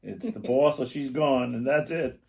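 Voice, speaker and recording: A man's voice: mid-range voice, normal speed, a little mellow. A man co-hosting a casual comedy podcast, joking and laughing as he reads out strange place names. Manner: jokey, laughs often, reads place names with crude puns. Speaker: podcast co-host.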